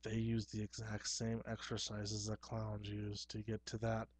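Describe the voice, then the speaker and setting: A man's voice: on the low side, monotone, a little slow, husky, no room sound. A man, a clown performer, talking through a casual rambling monologue in an earnest, self-assured way, often restarting his sentences.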